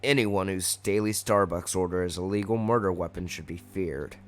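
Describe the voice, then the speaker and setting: A man voicing a tired, deadpan teenage boy who talks in a dry, flat way. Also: on the low side, unhurried, a little hiss or hum.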